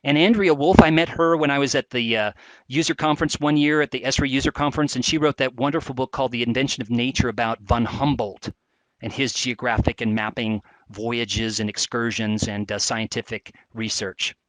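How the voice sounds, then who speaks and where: A man's voice: medium pitch, fairly even intonation, brisk, a bit bright, dry recording, rough recording. Enthusiastic man presenting a webcast. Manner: enthusiastic, chatty, with fillers. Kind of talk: live educational webcast talk.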